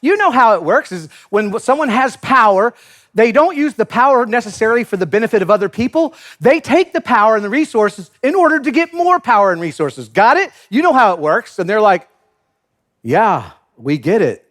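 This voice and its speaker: A man preaching a sermon in an animated way, laughing often and acting out the disciples in comic voices. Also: extremely high pitch, fairly quick. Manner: animated, acts out biblical characters with comic voices. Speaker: pastor.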